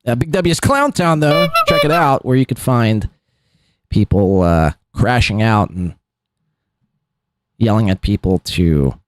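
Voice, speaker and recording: A man's voice: fairly low pitch, sing-song, unhurried, pauses often, no room sound, studio quality, faint music behind. A man hosting a live podcast, rambling through clip commentary with lots of fillers and laughs. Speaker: podcast host.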